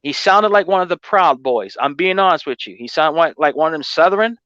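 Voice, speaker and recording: A man with a high-pitched voice tells a gaming story in loose, rambling casual chat, leaning on "you know what I mean" and "man". The recording is dry and close, with a slightly dull, muffled tone. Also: animated, a little fast, fairly bright tone, no room sound. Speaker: gaming channel host.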